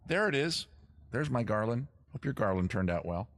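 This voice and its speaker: A man's voice: mid-range voice, big pitch swings, moderate pace, no echo, studio quality. A man hosting his own live stream, chatting casually to viewers with jokey, self-mocking asides. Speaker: streamer host.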